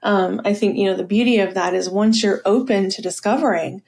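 Gravelly-voiced woman leadership coach. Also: mid-range voice, steady tone, a little fast, a little mellow. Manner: storytelling, many fillers like "you know" and "um". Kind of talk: podcast interview.

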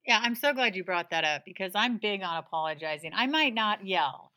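A woman's voice: medium pitch, lively intonation, fairly quick, pushed and bright, slight background noise. A woman hosting an interview, chatting candidly and sharing personal stories. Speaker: interview host. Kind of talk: casual interview conversation.

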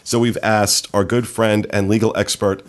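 A man with a lowish voice runs a relaxed group podcast. He jokes with his co-hosts and moves the talk from one segment to the next. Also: normal speed. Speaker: podcast host. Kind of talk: casual group chat.

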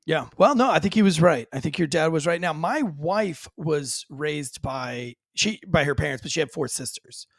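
Brief: male podcast host, animated raconteur, dry close-mic sound, lively pitch swings. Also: moderate pace, few pauses, no echo. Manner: animated storyteller. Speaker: podcast host, former police officer. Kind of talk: casual podcast chat.

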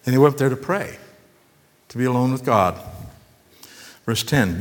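A man's voice: mid-range voice, expressive, moderate pace, long pauses, long reverb tail. A man preaching a conversational sermon as pastor, with folksy joking asides to his congregation.

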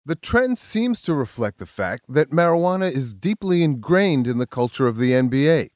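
A man's voice: a little high, no echo. Male news narrator with a dry voice-over. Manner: measured, even reporter delivery. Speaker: news correspondent and host.

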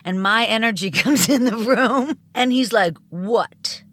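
A woman comedian as a podcast guest, telling candid stories in lively, casual conversation. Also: on the high side, normal speed, husky. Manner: animated storyteller, candid. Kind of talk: casual interview chat.

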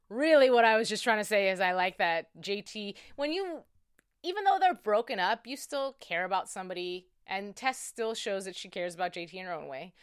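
A woman's voice: fairly high pitch, a bit bright, clear, resonant tone, dry recording, clean studio sound. A woman hosting a casual recap podcast, chatty and rambling, often cutting herself off mid-thought. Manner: chatty, rambling, self-interrupting. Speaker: podcast host.

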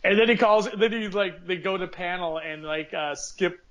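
A man's voice: sits high, moderate pace, heavy background noise. A man co-hosting a casual podcast chat, laughing often and hesitating with fillers. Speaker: podcast co-host.

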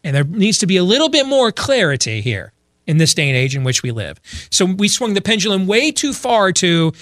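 A man's voice: sits high, sing-song, a little fast, fairly bright tone, no echo, studio quality. A middle-aged man giving blunt, opinionated religious commentary, emphatic, often restarting and repeating himself. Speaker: speaker addressing an audience.

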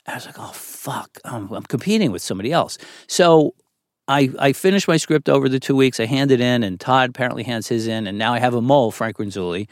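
A man's voice: mid-range voice, expressive, fast talker, no room sound, clean studio sound. A middle-aged man, a TV writer and producer, telling a long story as a podcast guest. He talks candidly, swears freely and acts out the people he quotes. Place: studio.

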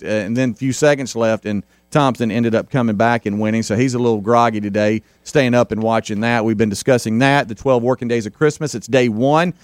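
A man's voice: mid-range voice, no room sound. A middle-aged man hosting a casual talk radio show, rambling with lots of fillers and restarts.

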